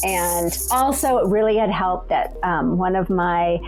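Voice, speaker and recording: Woman runner telling a race story, chatty, lots of like and you know, fry in her voice. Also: on the low side, a little slow, darkish tone, soft background music. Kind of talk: casual spoken storytelling.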